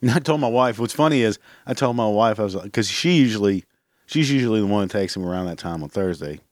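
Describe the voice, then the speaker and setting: A man's voice: lowish voice, expressive, fast, no room sound, studio quality. A man hosting a podcast, ranting casually and bluntly, swearing freely and laughing at his own jokes. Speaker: podcast host. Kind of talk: casual solo rant.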